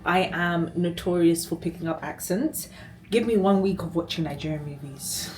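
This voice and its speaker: A woman's voice: fairly low pitch, normal speed, low-quality recording. A woman chatting casually to her vlog camera, rambling through asides and laughing easily. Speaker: vlogger.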